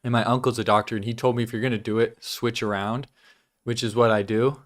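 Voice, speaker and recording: A man's voice: mid-range voice, level tone, a little fast. A young man hosting a casual weekly vlog, chatting loosely about his life while chewing gum and swearing now and then. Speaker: vlog host.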